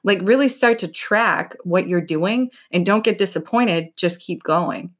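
A woman's voice: on the low side, a little slow. A young woman hosting a podcast, giving casual motivational talk in a blunt way, swearing freely and saying "like" a lot. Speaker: podcast host.

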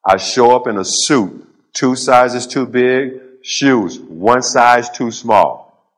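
Middle-aged man telling his story on stage. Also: mid-range voice. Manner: punchy, short phrases with dramatic pauses and dry humor. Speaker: public speaker. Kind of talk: motivational storytelling speech. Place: stage before a live audience.

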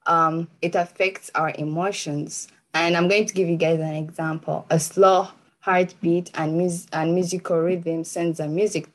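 A woman giving an informal Christian teaching talk, chatty and laughing often, with many fillers. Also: lowish voice.

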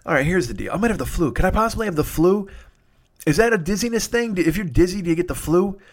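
A fairly high-voiced man rambles through a solo comedy podcast monologue, worn out, yawning and sniffly. He swears freely and pokes fun at himself as he drifts from one plug to the next. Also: expressive, quick pace. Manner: rambling and profane, self-mocking.

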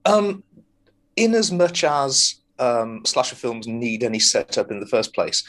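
A man's voice: medium pitch, very animated, unhurried, a bit bright. A man co-hosting a podcast, chatting casually about a TV episode, rambling with lots of ums, restarts and swearing. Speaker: podcast co-host. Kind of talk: casual film review chat.

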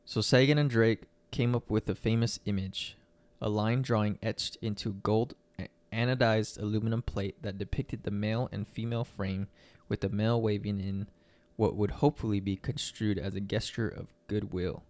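A man's voice: fairly low pitch, normal speed, hardly any pauses, dry recording. A young man co-hosting a podcast, chatting casually with fillers and reading news articles aloud. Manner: relaxed, rambling with fillers. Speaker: podcast co-host.

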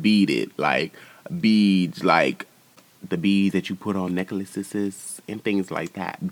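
A man hosting a podcast, giving a sassy, profane and animated recap of a show. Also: low-pitched, slow, no room sound. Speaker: podcast host.

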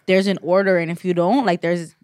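A woman's voice: on the low side, little pitch movement, a little fast, a little mellow, dry recording, studio quality. A young woman co-hosting a podcast in casual chat, rambling with lots of "like", restarts and freely dropped swear words. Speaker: podcast co-host.

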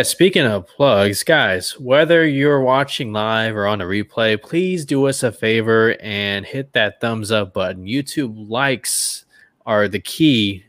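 Low-voiced young man doing the plugs. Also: fairly bright tone, no room sound. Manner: easygoing, joking. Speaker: podcast co-host. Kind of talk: casual chat, channel plug.

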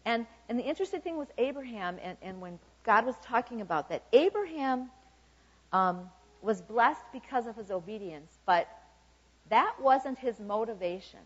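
A woman's voice: a little high, expressive, moderate pace, husky. A woman in her fifties giving an informal, chatty sermon full of "okay" and "you know" asides. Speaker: church speaker. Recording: dull lo-fi recording.

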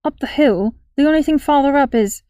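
A woman's voice: high-pitched, brisk, warm tone, no room sound, clean studio sound, distant mic, voice pushed up, lightly acted. A woman voicing a reluctant, sheepish teenage boy who talks without enthusiasm. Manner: unenthusiastic, sheepish.

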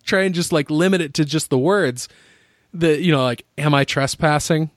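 Man, young, rambling and cursing, slightly high voice, dry close sound. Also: moderate pace, dry recording. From United States. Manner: rambling, profane, laughs often. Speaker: podcast co-host. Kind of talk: casual storytelling chat.

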